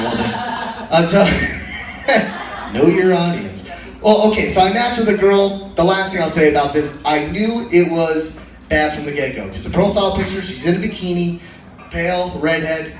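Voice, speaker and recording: A man's voice: fairly high pitch, expressive, normal speed. A young man doing a casual, profane, self-deprecating stand-up set in a small comedy room. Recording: very echoey room, voice from far off, faint noise.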